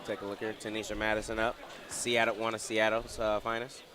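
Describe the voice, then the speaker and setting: A man's voice: on the low side, monotone. Hype male bowling co-commentator, noisy alley. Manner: hype, quick quips. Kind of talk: live sports commentary. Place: commentary booth at a bowling center.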